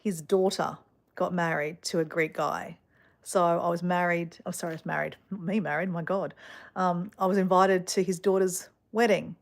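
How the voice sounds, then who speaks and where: Middle-aged Australian woman, casual vlogger, rambling storyteller, slightly low voice. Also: steady tone, moderate pace, vocal fry. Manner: chatty, rambling, lots of fillers and asides.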